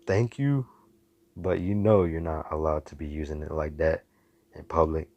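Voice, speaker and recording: A man's voice: rumbling low, normal speed, darkish tone, no room sound. A man voicing a big, muscular male hero who speaks casually but firmly. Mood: scolding.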